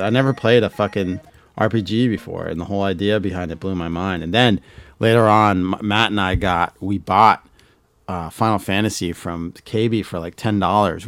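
A man co-hosting a podcast in casual chat, rambling and swearing, with lots of fillers and restarts. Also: sits low. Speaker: podcast co-host.

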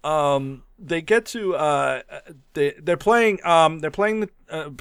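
A man's voice: fairly high pitch, takes it slowly, smooth, dry recording, studio quality. A man co-hosting a casual film-review podcast chat, laughing often and joking with his co-host. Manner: laughs often, giggly and playful.

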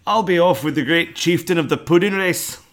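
A man putting on a loud, hammy mock-Scottish brogue to play a brash, swearing ogre for a comic bit. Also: on the high side, a little fast, voice pushed up, lightly acted. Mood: rowdy. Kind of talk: comic impression on a podcast.

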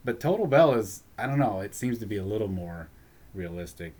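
An opinionated, animated man chatting casually about wrestling, laughing often. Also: lowish voice, a little fast.

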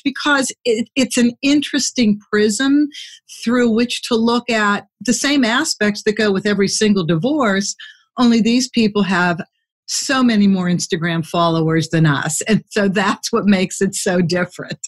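A woman hosting a casual podcast interview, chatty and quick to laugh. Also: medium pitch. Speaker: podcast host.

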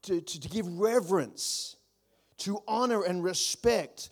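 High-voiced earnest pastor preaching. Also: male voice, takes it slowly. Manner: earnest preaching with repeated words and rising emphasis. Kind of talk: sermon.

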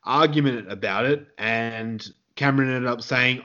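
A man's voice: medium pitch, measured pace, sharp tone, muffled recording. An Australian man hosting a casual podcast chat, reading out trivia in a loose, joking way and laughing often. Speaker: podcast host.

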